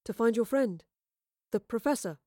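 A woman's voice: fairly high pitch, expressive, moderate pace, mellow, dry recording, clean studio sound. Gaius, a woman voicing an earnest young soldier.

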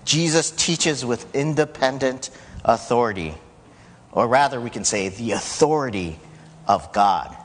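A man preaching a sermon to his church in a conversational way, rising loud when he quotes. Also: medium pitch, animated, measured pace, slight background noise. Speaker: pastor. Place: church sanctuary. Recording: church hall reverb.

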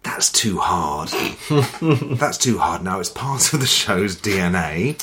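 A man's voice: fairly low pitch, lively intonation, takes it slowly, a bit bright, slight background noise. A man co-hosting a comedy podcast, rambling in a dry, sweary way and laughing mid-sentence. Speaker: podcast co-host. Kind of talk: casual comedy chat.

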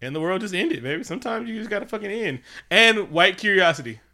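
A man co-hosting a casual comedic chat at home, animated and profane, often slipping into mocking quoted voices. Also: high voice, fast. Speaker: podcast co-host.

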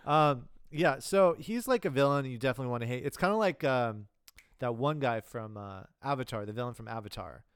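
A man co-hosting a podcast, talking casually about films, with relaxed swearing. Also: medium pitch, fairly quick, clear, resonant tone, dry recording, studio quality. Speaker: podcast co-host. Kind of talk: casual chat.

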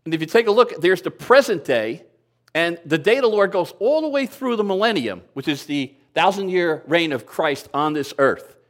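An older man delivers a sermon in an easy, conversational way, with a bit of humor and plenty of questions put to the congregation. His voice sits a little higher than most men's. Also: big pitch swings, moderate pace. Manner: conversational preaching with light humor and rhetorical questions. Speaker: pastor.

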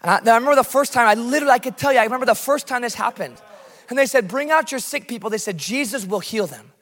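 A man's voice: very high-pitched, fast, a bit bright. An American man preaching a sermon with passion, telling stories from his missions work. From United States. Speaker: pastor. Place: church hall. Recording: long hall reverb.

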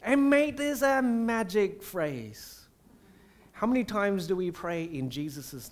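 A man preaching a sermon, conversational and animated, with fillers and restarts. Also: high voice, slow pace. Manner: animated, acts out prayers and quotes with shifting voice.

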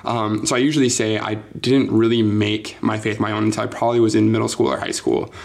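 A young man with a low voice that stays fairly flat speaks as a guest on a church podcast. He tells his story earnestly, filling pauses with um and like. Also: gravelly. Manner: earnest, filler-heavy, says like and um often. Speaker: youth pastor, interview guest. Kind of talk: casual interview storytelling.

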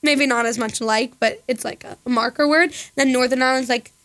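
A high-pitched young woman chatting casually as a podcast co-host. She giggles a lot and strings her thoughts together with constant fillers. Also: fairly even intonation, fairly bright tone, dry recording. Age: young adult. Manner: giggly, talks fast with lots of fillers, slips into put-on accents. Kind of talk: casual chat.

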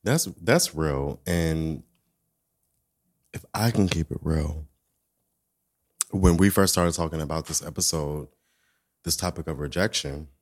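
A man co-hosting a podcast, with a very low, deep voice. He speaks calmly and reflectively, adding the odd playful aside. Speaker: podcast co-host. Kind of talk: casual podcast chat.

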